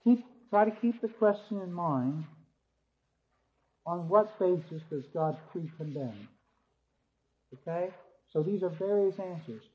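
A man with a fairly high voice lectures a class on theology, alternating scripture readings with step-by-step explanation. He lifts his voice to stress key words. The recording is muffled and lo-fi. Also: lively intonation, a little slow, long pauses. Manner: reads scripture aloud, then explains point by point. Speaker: theology teacher.

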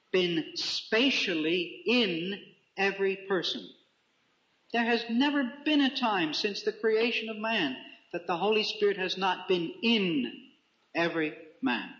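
A man preaching a Bible teaching sermon, reading scripture slowly and deliberately with careful emphasis. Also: high voice, animated, fairly bright tone. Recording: echoey room, dull lo-fi sound.

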